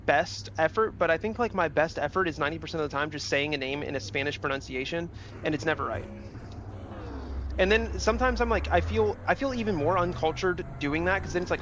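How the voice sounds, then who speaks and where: A man's voice: on the high side, fast talker, over music. Slangy young man streaming a race. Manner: slangy, profane, rambling. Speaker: sim racing streamer. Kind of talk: casual livestream commentary while racing. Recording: engine noise of a racing game behind. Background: car engine and game sounds.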